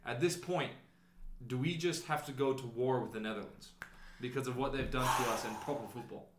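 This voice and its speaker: A man's voice: mid-range voice, steady tone, brisk, very noisy. A man co-hosting a casual sports podcast, making dry joking asides. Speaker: podcast co-host. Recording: echoey room.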